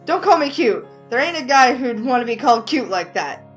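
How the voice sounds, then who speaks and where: A woman's voice: a little high, animated, a little fast, fairly bright tone, soft background music. A woman voicing a polite, touchy young Southern man with an Alabama drawl, read from a visual novel. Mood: defensive. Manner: formal, drawling, defensive. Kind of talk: reading a visual novel aloud.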